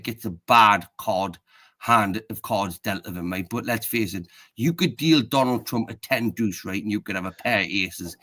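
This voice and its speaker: A man's voice: lowish voice, fairly bright tone. Rambling man, "right, okay?". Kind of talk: casual chat.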